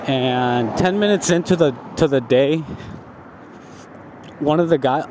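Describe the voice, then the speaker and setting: A young man, high as he talks, tells a long, rambling story full of "like" and swearing. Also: measured pace, darkish tone, a little hiss or hum. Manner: repetitive, profane, full of "like" fillers. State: stoned.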